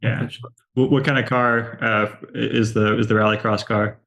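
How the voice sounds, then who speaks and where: Flat-voiced male podcast host. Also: on the low side, poor audio. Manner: halting, restarts words often. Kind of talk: casual interview questions.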